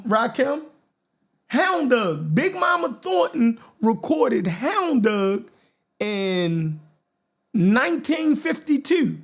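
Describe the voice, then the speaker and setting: A man with a Baltimore accent hosting a podcast in a casual commentary style, who keeps asking his listeners "right?". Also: very high voice. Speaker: podcast host.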